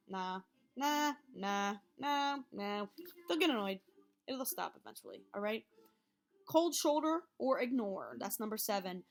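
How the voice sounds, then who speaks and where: A woman teacher reading over a health lesson and explaining it to her students in a chatty way, checking in often with "okay?". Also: fairly high pitch. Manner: chatty, checks in with frequent okays.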